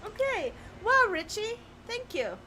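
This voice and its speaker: A woman co-hosting a game stream in casual, excitable chat, often flustered. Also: extremely high pitch, takes it slowly, a little hiss or hum. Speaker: streamer co-host.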